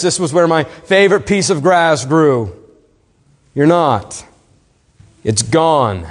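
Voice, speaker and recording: A man preaching a sermon, earnest and emphatic, asking pointed questions and slowing down to stress key words. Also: on the high side, darkish tone, in a large hall. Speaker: pastor.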